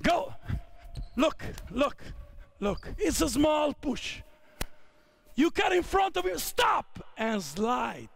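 A man in his fifties with an Italian accent runs a basketball clinic, calling out short, barked commands to his players. His voice sits very high with a lively, swooping pitch and a gravelly edge. He talks slowly between the shouts. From Italy. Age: 50s. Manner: barking short drill commands. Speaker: basketball coach. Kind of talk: on-court coaching clinic. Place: indoor basketball court.

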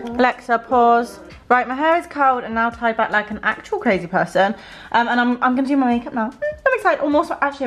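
A woman's voice: medium pitch, fairly bright tone. A young woman, chatting casually and self-mockingly as she gets ready on camera. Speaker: beauty vlogger. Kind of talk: casual vlog chat. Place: home bedroom at a mirror. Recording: echoey room.

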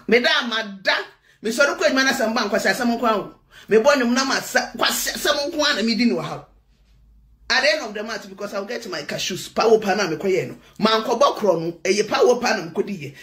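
A Ghanaian woman with a Ghanaian accent, a preacher, delivering a loud, teasing political rant with frequent laughter. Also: fairly high pitch. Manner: loud, teasing, laughing, switches between Twi and English.

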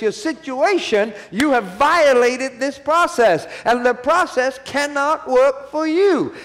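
High pitched guy preaching at a church conference, keeps repeating lines, asks the crowd to answer. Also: a bit bright. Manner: call-and-response preaching, repeating phrases. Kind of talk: sermon.

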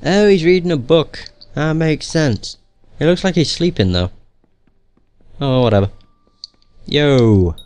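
A man's voice: on the high side, expressive, slow, pauses often, a little mellow, smooth. A young man giving casual gameplay commentary in a joking, profane, sarcastic way.

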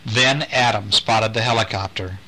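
A man reading a bedtime story aloud to his children, gentle and animated. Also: fairly low pitch, normal speed, a little hiss or hum, low-quality recording.

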